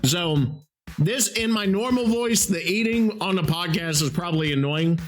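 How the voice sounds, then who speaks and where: A man's voice: high-pitched, animated, moderate pace, faint music behind. A man hosting a solo podcast, ranting in an exasperated, profane way. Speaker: podcast host.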